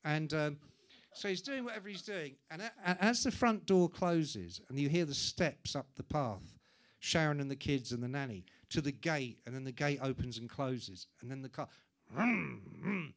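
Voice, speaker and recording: This man's fairly high voice moves at a normal speed with few pauses as he hosts a live podcast. He tells an anecdote with plenty of swearing, animatedly acting out the voices involved.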